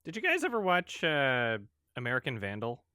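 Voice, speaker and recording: A man co-hosting a casual podcast, his voice bright and clean with a crisp edge. He sounds relaxed and laughs easily, and he often trails off into fillers. The mic is close and dry. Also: mid-range voice, moderate pace, dry recording. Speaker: podcast co-host.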